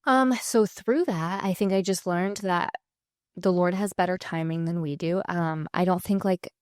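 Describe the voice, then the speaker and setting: A young woman in her twenties talks with her husband on a faith podcast. She tells stories in a lively, chatty way and slips into the voices of the people she quotes. Her voice sits a little low and sounds close and dry. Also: moderate pace, smooth, no room sound. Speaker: podcast co-host. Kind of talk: casual faith conversation.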